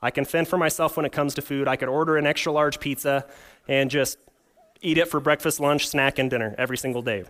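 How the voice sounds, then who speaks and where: A young man preaching a sermon at a middle pitch. He reads scripture, asks the listeners rhetorical questions, and drifts into a humorous personal anecdote told in an easy storytelling way. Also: steady tone, fast talker, a bit bright. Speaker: pastor.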